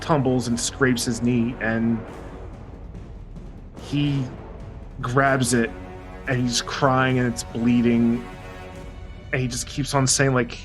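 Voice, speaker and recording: Slow, halting man playing a tabletop game. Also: mid-range voice, level tone, soft background music, rough recording. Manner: hesitant, halting, with pauses. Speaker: player. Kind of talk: describing his character in a tabletop game.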